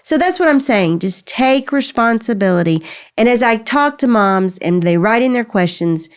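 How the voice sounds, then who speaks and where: Animated middle-aged woman. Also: fairly high pitch, moderate pace, smooth. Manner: animated, laughs often, acts out dialogue. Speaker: podcast host. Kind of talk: candid conversational storytelling.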